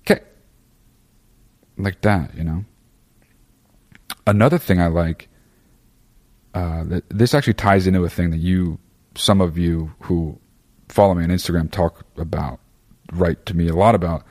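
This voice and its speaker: A man with a notably low, deep voice delivers a loose, profane monologue straight to his listeners. He rambles and restarts his sentences, swearing freely as he pushes his opinions. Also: a little slow, long pauses, a little mellow. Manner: frequent fillers and restarts. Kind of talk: casual monologue.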